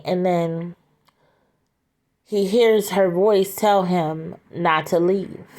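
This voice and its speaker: A woman casually retelling a story scene aloud, halting, with frequent fillers and restarts. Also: fairly low pitch, darkish tone.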